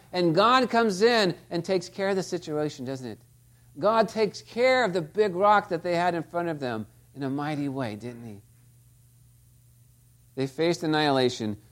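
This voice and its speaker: A man preaching a sermon, telling stories and asking the listeners rhetorical tag questions. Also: high-pitched. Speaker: pastor.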